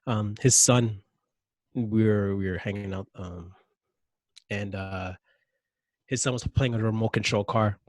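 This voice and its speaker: Animated man telling stories, dry sound. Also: on the low side, measured pace, pauses often, no echo. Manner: animated, acts out yelling in anecdotes. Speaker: podcast guest. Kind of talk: casual interview storytelling.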